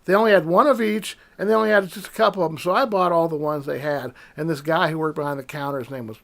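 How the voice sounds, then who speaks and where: A man in his fifties telling stories in a casual chat, animated, acting out the voices of people in his stories. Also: fairly high pitch, quick pace, gravelly. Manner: storytelling, animated, mimics voices in quotes. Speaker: podcast guest.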